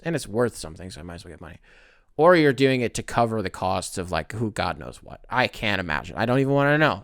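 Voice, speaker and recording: A young man hosting a solo podcast, talking casually with a profane, rambling manner that swings between low mutters and loud outbursts. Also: no echo, clean studio sound. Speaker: podcast host.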